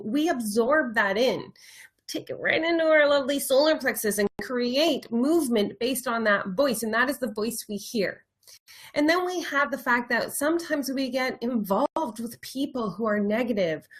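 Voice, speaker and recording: Woman life coach, motivational talk, bit high voice, earnest, repeats stuff for emphasis. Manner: drops to soft, slow delivery for reflection.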